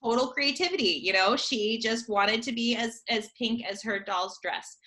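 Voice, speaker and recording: A bright, chatty woman in her thirties talks about her children's theater work. Her voice stays clear and forward while she bounces through her points with frequent laughs. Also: fairly high pitch, normal speed. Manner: chatty and animated, laughing often. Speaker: children's theater company guest. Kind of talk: casual remote interview chat.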